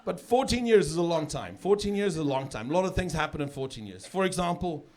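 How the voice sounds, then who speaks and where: A middle-aged man from South Africa doing a stand-up comedy set on stage, chatty and loose, with sudden shouted punchlines. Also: a little high, expressive, fast talker. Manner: conversational, with filler repeats and sudden shouted punchlines. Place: comedy stage with a live audience. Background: audience laughter.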